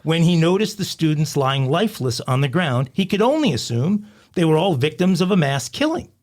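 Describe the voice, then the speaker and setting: A man's voice: a little high, sing-song, moderate pace, darkish tone. A man co-hosting a crime podcast, reading a funny news story in a mock-dramatic storytelling way. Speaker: podcast co-host.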